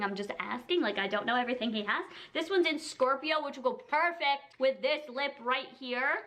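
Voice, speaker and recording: A young woman in her twenties excitedly unboxing and trying on makeup at home, gushing and peppering her talk with "like" and "oh my God.". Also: on the high side. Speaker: beauty vlogger. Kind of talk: casual product unboxing. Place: indoor room with colored backdrop.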